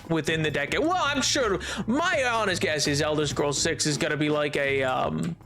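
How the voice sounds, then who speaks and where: A man with a fairly high, creaky, animated voice streams a game at a normal pace, wearing headphones. He chats loosely with his stream chat, rambling, stammering and frequently restarting sentences.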